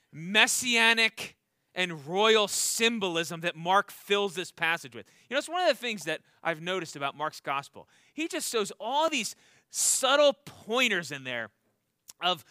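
Casting: male pastor, high and very bright voice, earnest sermon delivery with questions to the congregation, dry close sound. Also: no echo. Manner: earnest, repeats words when starting a thought.

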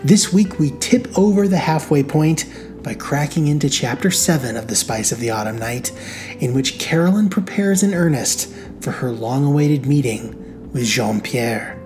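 A woman's voice: a bass voice, normal speed, over music. A woman host giving a dry, wry comic reading of her own romance story.

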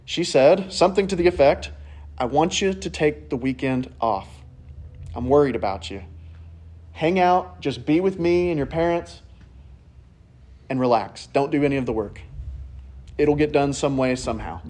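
A man's voice: fairly high pitch, expressive, normal speed, pauses often, a little mellow. Conversational male preacher, storytelling. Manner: conversational storytelling, acts out quoted voices. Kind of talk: sermon.

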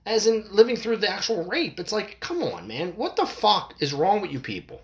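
An adult parent delivering a heated, profane opinion rant to camera, voice jumping higher when worked up. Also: very animated, normal speed, hardly any pauses.

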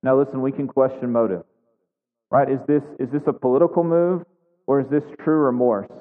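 Chatty preacher in a tinny echoey hall. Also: male voice, mid-range voice, fairly even intonation, fairly quick. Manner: chatty, full of restarts and tag questions. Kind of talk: conversational sermon teaching scripture.

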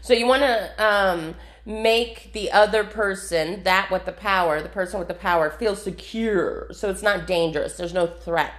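A spiritual practice vlogger with a medium-pitched, slightly bright voice talks casually through her meditation practice at normal speed, barely pausing. She's chatty and rambling, with frequent laughs and fillers, and the sound is roomy.

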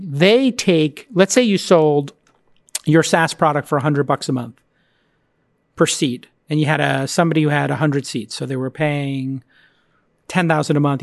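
A man hosting a podcast in casual chat, telling animated, rambling stories. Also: fairly high pitch, normal speed, no echo, clean studio sound. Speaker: podcast host.

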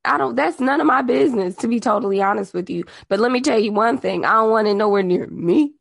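A woman co-hosting a podcast in casual chat, blunt and emphatic, with a gravelly voice and plenty of swearing. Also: on the high side, quick pace, dry recording, clean studio sound. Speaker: podcast co-host.

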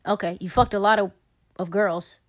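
A young woman co-hosting a casual podcast, telling stories in an animated, profane, dramatic way. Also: mid-range voice, normal speed. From Caribbean family. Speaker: podcast co-host. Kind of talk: casual storytelling chat.

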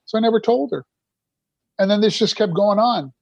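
A man's voice: sits high, moderate pace, creaky, no room sound. A middle-aged man from Canada, a podcast guest, telling his recovery story candidly in a rambling way, restarting his sentences often.

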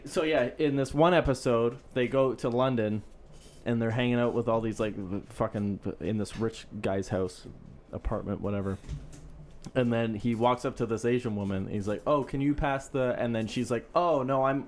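A man's voice: mid-range voice, moderate pace. A man with an everyday mid-range voice rambles through a story, swearing freely and breaking into laughter. Faint background hiss sits under the recording. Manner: rambling, profane, laughs a lot. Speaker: podcast co-host. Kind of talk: casual crude chat.

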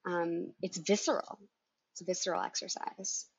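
A woman's voice: lowish voice, flat delivery, normal speed, creaky, slightly rough, no room sound. A woman podcast co-host and founder coach chatting casually, encouraging and explaining at length. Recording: dull, lo-fi dry sound.

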